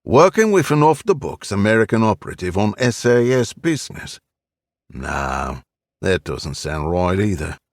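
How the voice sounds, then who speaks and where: A man's voice: lowish voice, very animated, moderate pace, no room sound. A man voicing a retired Cockney special forces captain in his sixties, dry and evasive, in an audiobook. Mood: wry, evasive. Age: 60s.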